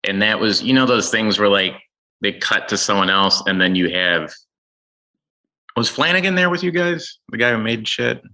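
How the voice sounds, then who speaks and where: A man with a low voice that still has a bright, forceful edge. He tells stories in a rambling, stop-start way during a relaxed chat. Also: moderate pace, poor audio. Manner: rambling storytelling with restarts. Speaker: guest comedian. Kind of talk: casual chat.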